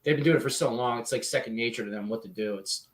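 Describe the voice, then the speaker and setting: A man's voice: medium pitch, quick pace, roomy sound. A man co-hosting a casual podcast, telling stories in a chatty way and laughing often. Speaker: podcast co-host and wrestling promoter.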